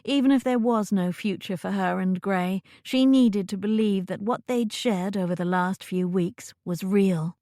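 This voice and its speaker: A woman narrating a romance audiobook in a measured, intimate way, close to a studio mic in a dry booth. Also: medium pitch, warm tone, no echo.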